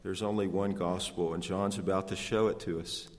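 A man's voice: deep voice, fairly even intonation, moderate pace, darkish tone. A man preaching an expository sermon, earnestly asking the congregation rhetorical questions. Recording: long hall reverb.

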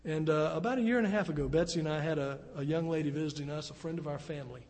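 A man's voice: a little high, racing, darkish tone. A middle-aged male pastor preaching an earnest, conversational sermon in a church. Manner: earnest, conversational preaching with dramatic acted quotes. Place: church sanctuary. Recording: long reverb of a church hall.

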